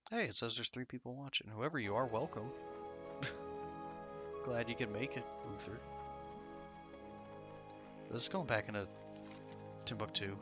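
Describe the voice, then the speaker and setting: A man's voice: medium pitch, a little slow, pauses often, over music. A tired, sleepy man casually commenting on his gameplay to himself, rambling and swearing. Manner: rambling, profane, self-talking. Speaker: streamer playing an online game.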